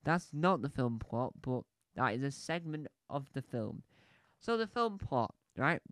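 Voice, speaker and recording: A man talks through a film review in a loose, rambling way, full of restarts and side tracks. His voice is smooth and resonant at a middle pitch. The sound is close and dry. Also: very animated, measured pace, fairly bright tone, dry recording. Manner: rambling, chatty, with many restarts and asides.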